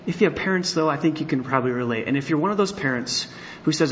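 A man's voice: medium pitch, expressive, fast, dull audio, slight background noise. A middle-aged male pastor preaching a sermon in a church, speaking candidly and telling personal stories, at times building to emphatic bursts. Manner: candid, storytelling, rising to emphatic outbursts. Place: church sanctuary.

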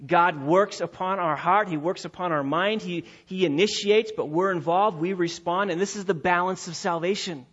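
A pastor delivering a sermon in a church, emphatic and repeating key phrases, slowing down to stress his points. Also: high voice, a bit bright. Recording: dull lo-fi recording.

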